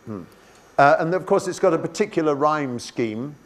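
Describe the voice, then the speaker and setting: Animated man leading a teacher workshop. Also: on the high side, moderate pace. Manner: lively, reads poem lines aloud, many restarts. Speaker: teacher trainer.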